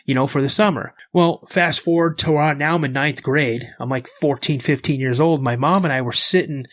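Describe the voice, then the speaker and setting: A man from the United States, a podcast guest, telling a story in a casual, animated way and acting out the voices in it. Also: on the high side, moderate pace, no room sound.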